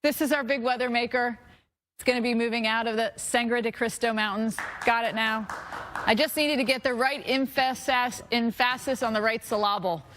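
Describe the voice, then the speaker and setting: A middle-aged woman presenting a live TV weather forecast, lively and chatty, laughing at her own slips. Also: a little high, fairly quick, background noise.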